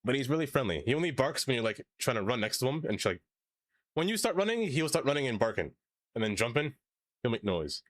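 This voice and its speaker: A man's voice: mid-range voice, very animated, fast talker, no room sound. A man live-streaming, chatting casually with his viewers and pets, laughing often and rambling. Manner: giggly, rambling, talks to chat and pets.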